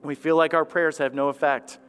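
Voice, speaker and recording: Male pastor, high voice, fervent sermon with big swings from quiet to loud; faint music underneath. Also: little pitch movement, a little fast, clear, resonant tone. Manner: impassioned, swinging between hushed and loud, repeating phrases. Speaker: lead pastor.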